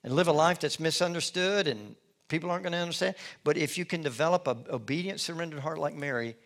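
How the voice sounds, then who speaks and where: Expressive male pastor preaching a sermon. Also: a little high, quick pace. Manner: expressive, storytelling, acts out scenes. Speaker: lead pastor.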